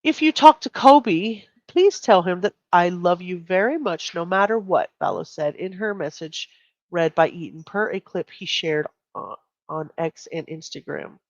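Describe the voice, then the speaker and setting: A woman's voice: on the low side, animated, a little slow, dry recording, muffled recording. A woman hosting a casual true crime livestream, chatting with viewers, laughing often and reading headlines aloud. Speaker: livestream host.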